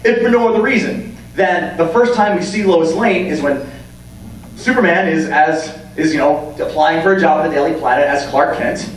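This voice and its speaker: A man in his thirties giving a comic, animated talk on writing as a convention panelist, acting out scenes as he goes. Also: fairly high pitch, normal speed. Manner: animated, jokey, acts out scenes. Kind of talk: comedic lecture. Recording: echoey hall, distant mic, hum.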